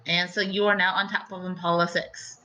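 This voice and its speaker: A woman's voice: fairly low pitch, flat delivery, fairly quick, bright, forceful tone, rough recording. A woman running a tabletop game as game master, chatty and giggly, with lots of fillers.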